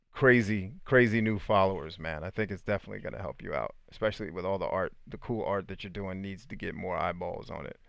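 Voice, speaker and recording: A man hosting a casual livestream, chatting with viewers in an animated, joking way and swearing freely. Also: on the low side, clear, resonant tone, no echo, dull audio. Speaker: podcast host answering live chat.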